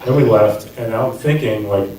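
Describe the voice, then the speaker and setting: A man performing a stand-up set, telling a story and acting out his own excited reactions. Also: fairly low pitch, fairly quick. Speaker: stand-up comic. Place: comedy theater stage. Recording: echoey theater, mic at distance.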